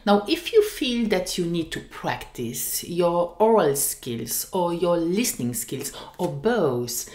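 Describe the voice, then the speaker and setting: A woman teaching a language lesson, speaking slowly and carefully and repeating each example phrase. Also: lowish voice, roomy sound.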